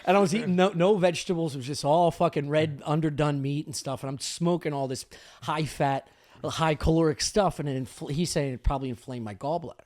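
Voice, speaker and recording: A man co-hosting a casual podcast, telling animated stories, acting out the people in them and laughing often. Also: fairly high pitch, a little fast. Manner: animated storyteller, acts out the people in his anecdotes, laughs often. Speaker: podcast co-host.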